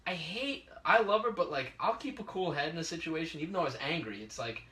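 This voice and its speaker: A man telling a story in casual podcast chat, animated and acting out the people in it. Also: on the high side, quick pace, far from the mic. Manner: animated, acts out quoted voices. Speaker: podcast host. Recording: echoey room, away from the mic.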